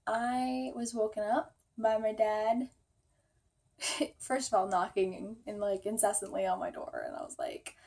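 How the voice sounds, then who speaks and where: A woman's voice: medium pitch, sing-song, measured pace, creaky, darkish tone, faint music behind. A young woman telling a storytime vlog, chatty and full of fillers, acting out her own quotes. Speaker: vlogger.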